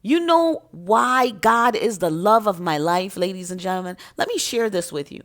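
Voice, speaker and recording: A woman's voice: mid-range voice, animated, normal speed, a bit bright. A woman giving an impassioned, emotional spiritual monologue to her viewers in a preachy, emphatic way. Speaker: spiritual content creator.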